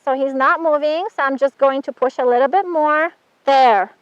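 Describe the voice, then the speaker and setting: A woman's voice: sits high, moderate pace, no room sound. A woman instructor giving a chatty hands-on horse handling demonstration, praising the horse as she works. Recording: dull dry sound.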